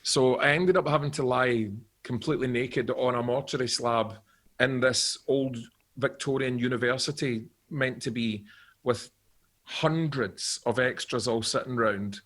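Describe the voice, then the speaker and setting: A middle-aged Scottish man, an actor guest on a podcast, telling animated anecdotes with swearing and acted-out quotes. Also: medium pitch. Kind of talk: podcast storytelling.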